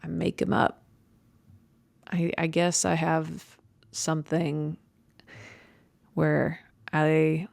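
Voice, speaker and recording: A young Chicago woman hosts her podcast in a stream-of-consciousness monologue, rambling conversationally with many fillers and mocking herself. Her low voice is level and darkish, with drawn-out words, vocal fry, and frequent pauses. There's no echo.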